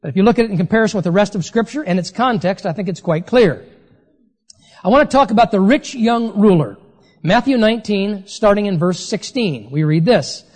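Preacher, sermon delivery, emphatic, slows down to stress key words, big hall reverb. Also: medium pitch, animated, a little mellow.

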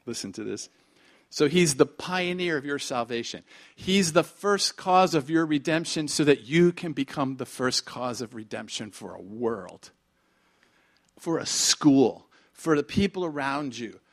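Middle-aged pastor guy, kinda high voice, acts out the dialogue, goes whispery sometimes. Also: a little slow. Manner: animated storytelling, acting out dialogue, drops to whispers. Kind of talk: sermon.

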